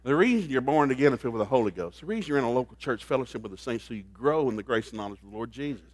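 A man preaching a sermon, telling stories in an animated way and laughing at them. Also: medium pitch, very fast, no echo. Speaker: pastor. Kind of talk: storytelling sermon.

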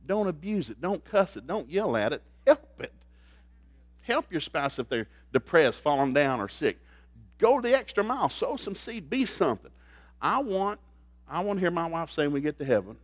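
A man preaching a sermon, telling stories in an animated way and laughing at them. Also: fairly high pitch, no room sound. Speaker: pastor. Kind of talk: storytelling sermon.

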